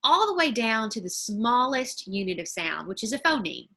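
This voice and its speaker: Woman teacher on a screen-share call, bright voice, walks parents through it slow and patient. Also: a little high, big pitch swings, vocal fry. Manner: patient, step-by-step explaining with slowed example words. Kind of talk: explanatory teaching talk to parents. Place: home or office, screen-shared video.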